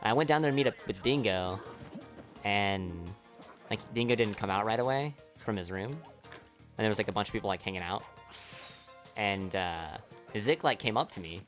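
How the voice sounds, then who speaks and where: Rambling young man, low voice. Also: expressive, moderate pace, pauses often, fairly bright tone, soft background music. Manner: rambling, leans heavily on "like", laughs often, swears. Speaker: speedrunner streamer. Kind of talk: casual stream chat.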